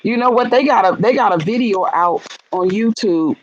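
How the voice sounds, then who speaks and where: A woman's voice: medium pitch, moderate pace, dull audio. A woman in casual chat, telling stories bluntly and animatedly with frank, salty language.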